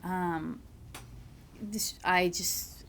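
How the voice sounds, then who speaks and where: A woman, a mother, talking as a podcast guest, soft-spoken and halting, with many fillers and breathy, near-whispered stretches. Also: on the low side, fairly even intonation. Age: adult, a mother. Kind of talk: casual conversation, personal storytelling.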